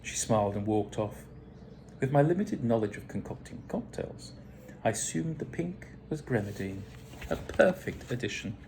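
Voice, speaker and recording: A man's voice: medium pitch, normal speed, gravelly, darkish tone. Guy reading his own story, dry wry tone, mid voice, bit of background hiss. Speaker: audiobook narrator. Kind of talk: first-person storytelling narration.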